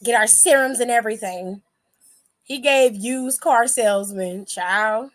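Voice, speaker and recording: A woman's voice: fairly high pitch, a little slow. A woman casually recapping wrestling for her viewers, sassy, profane and chatty.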